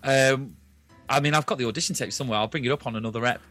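A man chatting on a podcast, telling animated stories, laughing often and slipping into accents. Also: mid-range voice, very fast, faint music behind. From family from Liverpool. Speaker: podcast guest. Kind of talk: casual podcast chat.

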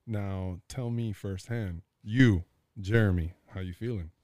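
A man co-hosting a podcast, relaxed and asking questions. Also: lowish voice, measured pace, dry recording. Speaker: podcast co-host. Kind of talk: casual chat.

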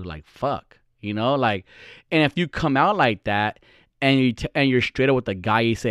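A man's voice: medium pitch, lively intonation, normal speed, a bit bright, dry recording. A young man hosting a podcast, telling stories in a loose, profane, rambling way full of slang and restarts. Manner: slangy with fillers like "dude" and "like". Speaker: podcast host. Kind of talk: casual podcast storytelling.

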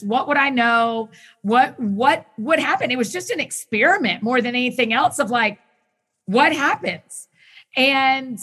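Give me an enthusiastic woman guest in casual conversation, fairly high and bright-toned, talking in quick bursts. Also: breathy edge. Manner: enthusiastic, rapid bursts with frequent restarts. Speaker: podcast guest who hosts her own show.

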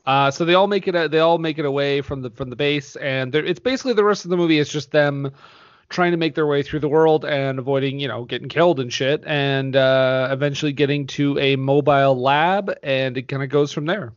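Slightly high-voiced podcast host, lo-fi. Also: male voice, a little fast, no echo. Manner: conversational, leads questions, many fillers and restarts. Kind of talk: casual movie podcast chat. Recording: dull, lo-fi podcast audio.

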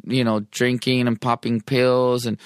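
A man's voice: mid-range voice, level tone, a little slow, clean tone, dry recording, studio quality. A man speaking in a blunt, profane way with street slang, recounting his life in a casual conversation. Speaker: guest telling his life story.

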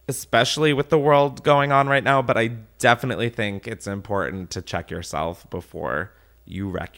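A man's voice: mid-range voice, a bit bright, smooth. A man hosting a casual podcast, ranting animatedly with swearing and laughter. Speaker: podcast host.

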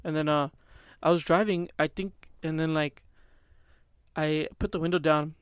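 A young man co-hosting a podcast, telling stories in quick, chatty casual talk. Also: a little high, steady tone, clear, resonant tone, dry recording, studio quality. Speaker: podcast co-host. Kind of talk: casual chat.

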